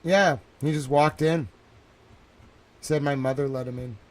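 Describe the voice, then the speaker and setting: A young man talking at home on a live stream, excitable and rambling, repeating himself and saying "bro" and "like" a lot. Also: fairly high pitch, measured pace.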